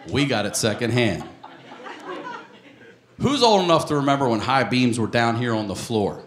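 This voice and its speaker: A male stand-up comedian from the United States, telling a crude, animated story on a comedy club stage into a handheld mic. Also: mid-range voice. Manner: animated storytelling, crude jokes, bursts into shouted voices. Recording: live club recording, roomy, loud audience laughter.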